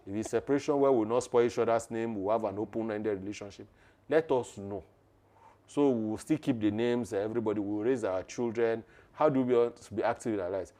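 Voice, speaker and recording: Animated man on a podcast. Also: on the low side. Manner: animated, emphatic, laughs often. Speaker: podcast co-host. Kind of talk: conversational podcast talk.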